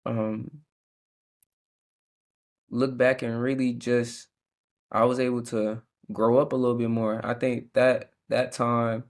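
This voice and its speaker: A man's voice: mid-range voice, level tone, slow pace, pauses often. Young man, casual reflective podcast talk. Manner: casual slangy talk with many restarts. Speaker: podcast host. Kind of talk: reflective faith podcast monologue.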